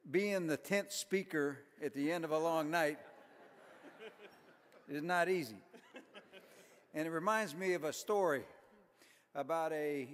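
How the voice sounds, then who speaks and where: Man telling jokes in a reverberant hall. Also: on the high side. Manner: folksy, self-deprecating joke teller. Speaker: after-dinner speaker. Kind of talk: after-dinner joke telling. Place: large banquet hall.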